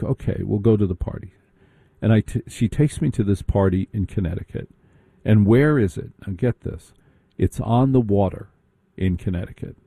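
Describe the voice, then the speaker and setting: Guy telling a mocking funny story, low mellow voice, dry close sound. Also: dry recording. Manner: sarcastic, animated, mocking. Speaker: comedic storyteller. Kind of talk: stand-up style storytelling.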